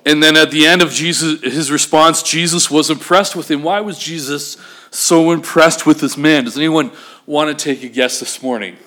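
Male pastor, animated sermon delivery, slightly high voice, asks the congregation questions. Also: moderate pace.

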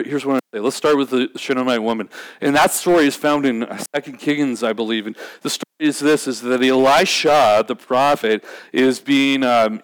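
A man preaching a sermon in a conversational way. He often repeats words and restarts his sentences. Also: mid-range voice. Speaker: pastor.

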